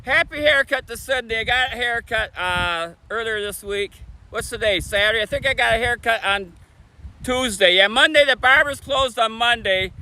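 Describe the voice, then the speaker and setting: Very high, bright-voiced Michigan man. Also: low-quality recording. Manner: talks fast, chatty, laughs often. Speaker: streamer. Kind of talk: casual outdoor livestream chat. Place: outdoors on a bench by a bridge. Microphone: phone camera on a tripod.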